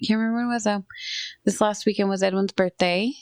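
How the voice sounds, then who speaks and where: Giggly mom, dry close sound. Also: female voice, mid-range voice, fairly even intonation, a little mellow, clear, resonant tone, dry recording. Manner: giggly, quick storytelling. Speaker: podcast co-host. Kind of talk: casual chat.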